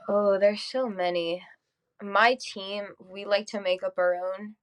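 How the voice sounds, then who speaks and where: A teenage girl being interviewed, shy and soft-spoken, hesitant with ums. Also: mid-range voice, steady tone, slow pace. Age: teens. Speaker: high school softball player guest. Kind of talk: casual interview.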